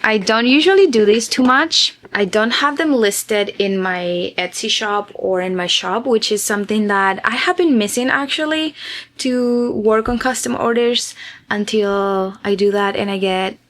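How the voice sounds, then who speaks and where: Spanish-accented lady chatting about crochet, slow and easy, lots of ums while she thinks. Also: medium pitch. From Spain. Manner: chatty, thinking aloud with fillers. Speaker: crochet vlogger. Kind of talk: casual chat while crafting.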